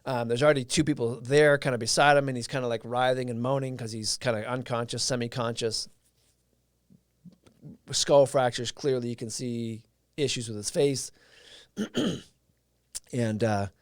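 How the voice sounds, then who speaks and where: A man's voice: mid-range voice, dry recording, studio quality. A man hosting a casual livestream, telling a story in a loose, rambling way with lots of fillers and restarts. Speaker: live stream host.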